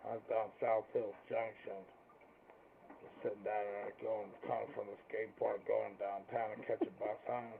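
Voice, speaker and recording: A man's voice: fairly low pitch, level tone, moderate pace, vocal fry. A man telling crude stories in a blunt, profane way, acting out both sides of each exchange. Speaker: storyteller. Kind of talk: crude casual storytelling. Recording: tinny phone-like recording with faint noise.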